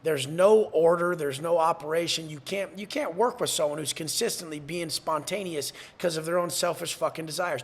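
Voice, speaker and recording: Profane intense guy on a podcast, kinda husky, higher pitched voice, blunt and in-your-face. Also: fairly quick, few pauses. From San Diego, USA. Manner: profane, blunt and intense, acting out quoted exchanges. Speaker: guest. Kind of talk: podcast interview.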